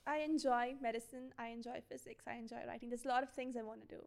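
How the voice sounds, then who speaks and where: Soft-spoken young woman, high voice. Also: level tone, fast, vocal fry. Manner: hesitant, soft-spoken, laughs often. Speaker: guest. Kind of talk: casual chat.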